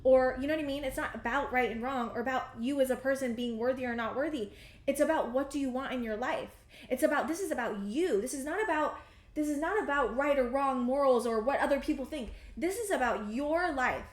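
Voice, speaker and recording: High-voiced earnest woman reading tarot. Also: a little fast, echoey room. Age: 30s. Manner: earnest, emphatic, full of restarts. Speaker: tarot reader. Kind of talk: pick-a-card tarot reading.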